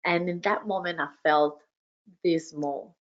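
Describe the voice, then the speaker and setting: A woman hosting an online workshop, telling her story with energy and heaping quick praise on participants. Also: on the low side, fairly even intonation, muffled recording. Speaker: workshop host and business coach. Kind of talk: motivational storytelling to an online audience. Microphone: video call.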